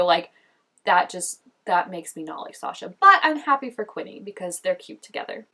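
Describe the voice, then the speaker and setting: A woman's voice: medium pitch, moderate pace, a bit bright. Chatty young woman gushing over a show. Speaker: reaction vlogger. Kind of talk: casual reaction commentary.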